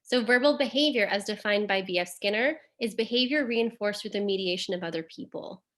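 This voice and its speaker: Speaking a little fast in a mid-range, fairly bright voice, a woman gives a caregiver webinar as a behavior analyst. She explains terms in plain language, peppered with "um" and "like."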